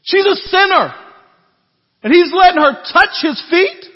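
Man putting on a scandalized Pharisee, seething and exasperated, high voice, long echo, muffled sound. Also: expressive, measured pace. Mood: indignant. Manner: rising exasperated outburst. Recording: echoey hall, dull lo-fi sound.

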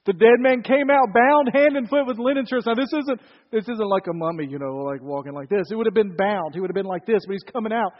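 A man preaching a sermon as a pastor, telling the story dramatically and swinging between loud calls and hushed stretches. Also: high-pitched, animated, fast talker. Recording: dull audio with long reverb.

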